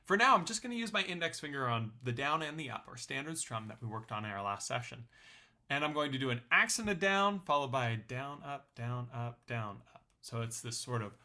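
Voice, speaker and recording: A man's voice: mid-range voice, big pitch swings, brisk, pushed and bright. A young man teaching a ukulele lesson in a friendly, explanatory way, counting beats aloud. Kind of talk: online music lesson.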